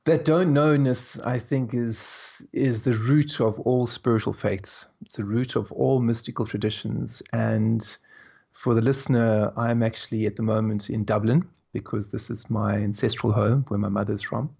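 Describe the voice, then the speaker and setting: A man as an interview guest, telling stories in a slow, reflective way with soft laughs. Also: lowish voice, steady tone, gravelly, slightly rough, lo-fi sound. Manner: slow, musing, laughs softly between thoughts. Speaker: guest, spiritual teacher. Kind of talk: reflective conversational storytelling.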